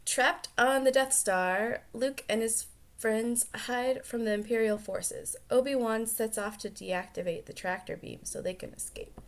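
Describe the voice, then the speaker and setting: A woman reading a children's storybook aloud as a storytelling aunt, lively, stopping for chatty asides and quick self-corrections. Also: on the high side. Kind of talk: reading a picture book aloud.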